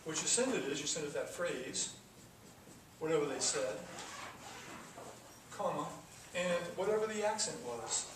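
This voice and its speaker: Man teaching coding, a touch high, distant mic in a roomy classroom. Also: animated, unhurried. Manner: rambling, with fillers and restarts. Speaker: programming teacher. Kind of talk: classroom lecture. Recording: echoey room from far off, noisy.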